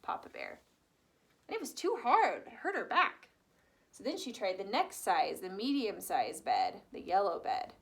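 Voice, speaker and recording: A woman telling a fairy tale to children, animated and asking her young listeners questions. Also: medium pitch, moderate pace. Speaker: children's storyteller. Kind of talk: reading a story aloud to children.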